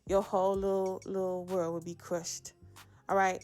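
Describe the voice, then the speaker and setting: A woman's voice: fairly low pitch, steady tone, brisk, a little mellow, faint music behind. A woman hosting a casual reality TV recap, talking sassy and slangy with dramatic asides. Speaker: reality show recap host.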